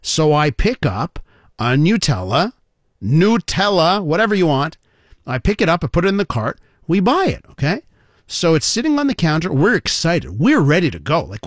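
A man hosts a talk radio show from a dry, close studio mic. He tells a story in a playful, animated way, calls out to his listeners directly, and his voice rides a little high and swings widely in pitch. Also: dry recording. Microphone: studio microphone.

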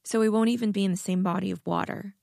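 A woman's voice: medium pitch, steady tone, fast talker, vocal fry, darkish tone, no echo, studio quality, natural voice. A woman voicing a subdued, tender young woman. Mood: guarded.

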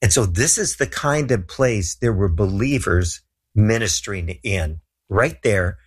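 A man's voice: fairly low pitch, lively intonation, measured pace, slightly rough. A middle-aged man telling a story in a casual interview, acting out the voices of the people he quotes.

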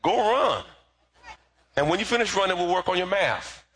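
A woman's voice: on the low side, animated, normal speed, a bit bright, a little hiss or hum, voice pushed up. A man voicing a stern Jamaican mother who scolds her restless son with emphatic, repeated commands. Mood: scolding.

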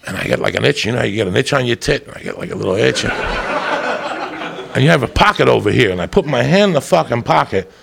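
A man doing profane stand-up, telling a story in a loud, brash, rambunctious way and swearing constantly. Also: medium pitch, animated, quick pace, gravelly, a crowd in the background. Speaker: stand-up comedian.

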